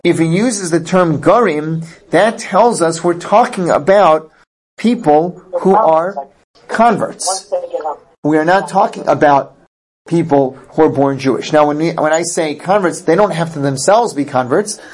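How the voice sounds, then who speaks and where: A man's voice: fairly high pitch, unhurried. A man teaching a verse-by-verse scripture class, reading Hebrew phrases aloud and translating them with emphatic explanations. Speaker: Bible teacher.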